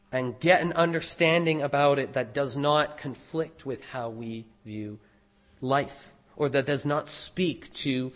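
Earnest man preaching a sermon. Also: fairly high pitch. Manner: earnest, deliberate preaching with emphatic rises. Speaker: pastor.

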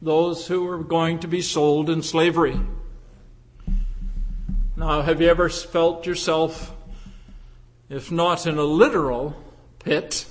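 Slow, high-voiced preacher in a reverberant hall. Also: male voice, little pitch movement. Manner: slow, deliberate preaching with rhetorical questions. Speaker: pastor. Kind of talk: sermon. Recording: long reverb in a large hall.

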